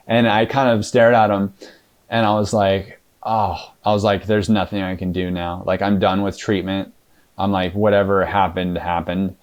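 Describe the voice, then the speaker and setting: A man with a fairly low voice recounts his experience to an interviewer. He talks casually and rambles, leaning on fillers and restarting his sentences. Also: flat delivery, normal speed. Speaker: interview guest.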